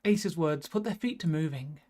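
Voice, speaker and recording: Low-voiced woman streamer reading and chatting. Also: animated, moderate pace, warm tone. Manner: chatty, thinking aloud. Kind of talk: reading a visual novel aloud and chatting.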